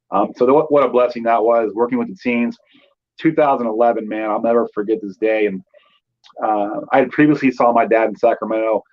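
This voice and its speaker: A man's voice: lowish voice, lo-fi sound. A man in his thirties from Northern California, a guest telling his life story in loose casual talk with many fillers. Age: 30s.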